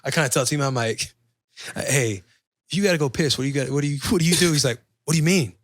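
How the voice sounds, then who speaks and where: Young man, fast talker, animated and profane storyteller, casual podcast chat, dry close sound. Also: a little high, dry recording. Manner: animated, profane, acts out voices in his story. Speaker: podcast guest, football player.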